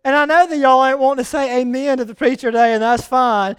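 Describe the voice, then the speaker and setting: Male preacher, very high voice, smooth, storytelling sermon, chatty with the congregation. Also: steady tone, quick pace, few pauses, dry recording. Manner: casual, chatty, addresses the congregation directly; builds to a loud, repetitive rousing climax.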